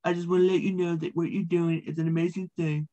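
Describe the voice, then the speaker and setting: A man's voice: on the high side, little pitch movement, quick pace, mellow, muffled recording, lightly acted. A man putting on a boastful male politician giving a rally speech with bragging, repetitive campaign talk.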